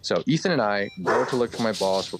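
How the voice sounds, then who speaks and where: A man's voice: on the low side, expressive, a little fast, background noise. A young man telling a long story in a voice message, rambling with many fillers and laughing through it. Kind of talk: casual storytelling.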